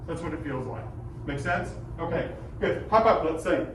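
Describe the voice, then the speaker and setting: Animated bass-baritone choir teacher, echoey room. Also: male voice, moderate pace, recorded from a distance, a little hiss or hum. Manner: animated, demonstrative, checks in with the class often. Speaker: middle school choir teacher. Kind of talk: classroom teaching. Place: school choir classroom.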